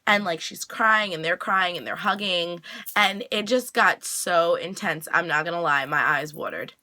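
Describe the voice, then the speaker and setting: A woman's voice: on the low side, bright, forceful tone. A woman vlogger giving a chatty, casual recap of a TV episode, full of "like" fillers. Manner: chatty, lots of "like" fillers, acts out the characters' lines. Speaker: TV reaction vlogger.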